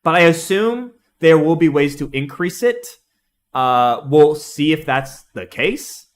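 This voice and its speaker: A young man streaming a casual, excitable game analysis, rambling and laughing at his own slips. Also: on the high side, takes it slowly.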